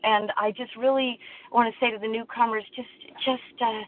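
A woman in her fifties sharing at a recovery meeting, earnest and a little halting. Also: a little high, steady tone. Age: 50s. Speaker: meeting share. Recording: phone line.

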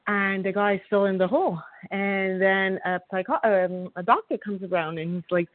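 A woman's voice: mid-range voice, fairly even intonation, moderate pace, few pauses, no room sound. A woman from Montreal sharing her recovery story at a meeting, heartfelt, acting out the voices of a story she tells. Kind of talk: personal recovery share. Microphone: phone call. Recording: tinny phone line.

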